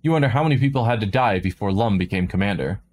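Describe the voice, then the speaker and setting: A man streaming a game, reading a visual novel aloud with dramatic narration and quick asides of his own. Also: lowish voice, animated, a little mellow, a little hiss or hum. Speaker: let's play streamer.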